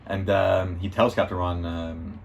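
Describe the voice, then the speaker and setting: A man's voice: sits low, flat delivery, unhurried, creaky. A man reviewing a movie in casual chat, laughing often as he retells scenes.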